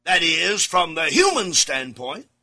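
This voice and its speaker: Emphatic high-voiced preacher, slow and bright. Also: male voice, big pitch swings. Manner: emphatic, repeats key words, swings from shouts to low asides. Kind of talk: studio sermon reading scripture. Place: studio, alone.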